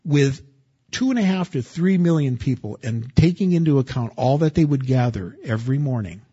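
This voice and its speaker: A man, a pastor, preaching a sermon in an earnest way, going from hushed to loud and emphatic. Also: medium pitch, lively intonation, normal speed, slightly rough, lo-fi sound. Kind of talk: sermon with scripture reading.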